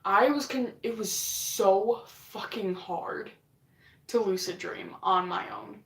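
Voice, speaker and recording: Female vlogger, unhurried storyteller, rambling and profane. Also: medium pitch, creaky, fairly bright tone. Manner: rambling, frequent swearing, acts out quoted lines. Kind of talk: casual storytelling.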